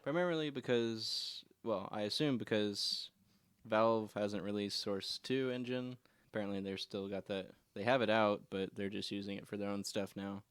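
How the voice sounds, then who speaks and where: A man's voice: lowish voice, steady tone, normal speed, smooth, dry recording. A young man co-hosting a gaming podcast, explaining a news story with some hesitation. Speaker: co-host. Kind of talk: casual chat.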